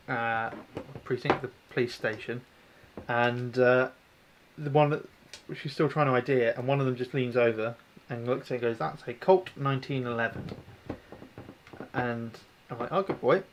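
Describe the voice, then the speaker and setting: A mid-range voice, flat and at a moderate pace, belongs to a New Zealand man hosting an airsoft tech livestream. He chats and rambles, self-deprecating, while servicing an airsoft gun and fielding viewer comments. A little hiss or hum is audible.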